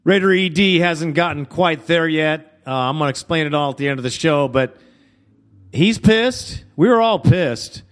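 A man's voice: on the high side, lively intonation, moderate pace. A man hosting a sports call-in show, upbeat and calling his callers brother. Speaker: radio host. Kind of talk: sports talk radio.

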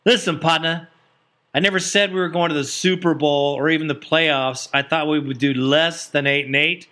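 A man's voice: on the high side, steady tone, moderate pace, bright, forceful tone. A man hosting a radio show, answering a caller in a wry, joking way. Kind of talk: casual radio talk.

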